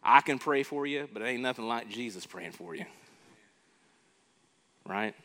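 A man's voice: medium pitch, animated, moderate pace, pushed and bright. A man preaching a sermon, emphatic and questioning his congregation, repeating words as he builds each point. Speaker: pastor.

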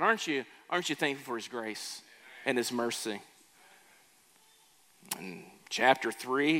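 Slow-preaching man in a reverberant hall. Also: medium pitch, lively intonation, pushed and bright. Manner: emphatic preaching, slows and rises on key words. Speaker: pastor. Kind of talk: sermon.

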